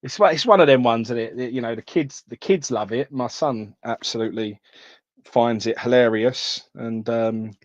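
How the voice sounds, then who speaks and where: A man's voice: mid-range voice, normal speed, no echo, dull audio. A man hosting a live trading card stream, chatting casually and calling viewers mate.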